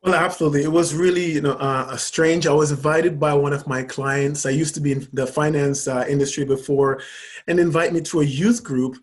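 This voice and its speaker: A middle-aged man from Jamaica, a guest telling his personal story in an interview, earnest and halting, with many fillers. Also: on the high side, steady tone, breathy edge. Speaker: guest, youth charity founder.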